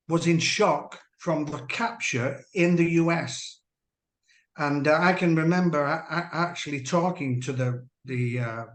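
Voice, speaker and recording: Man, interview guest, slow and deliberate, slightly high voice, earnest, echoey room sound. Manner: earnest, measured, halting restarts. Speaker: former dolphin trainer, guest. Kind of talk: personal testimony in an interview. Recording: roomy echo.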